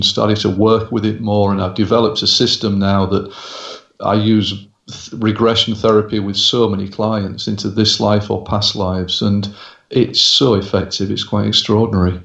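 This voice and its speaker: A hypnotherapist being interviewed who tells his story in a measured way with frequent hesitations. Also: fairly low pitch, vocal fry, a bit bright, reverberant, lo-fi sound. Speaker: hypnotherapist guest.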